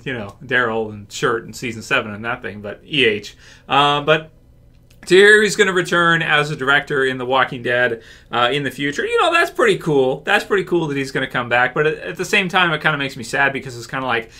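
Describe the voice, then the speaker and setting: Bright-voiced Canadian guy rambling about TV. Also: mid-range voice, brisk. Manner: rambling, many "uh" and "you know", laughs often. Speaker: YouTube TV-show commentator. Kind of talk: casual fan commentary.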